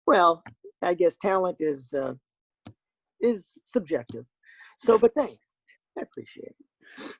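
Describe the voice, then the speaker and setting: An older man recounts his career in a lively, self-deprecating way. His voice is gravelly with some fry and a husky edge. The sound is dry and close. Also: high voice, takes it slowly, pauses often, no room sound, rough recording. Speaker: guest voice actor. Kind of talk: casual interview chat.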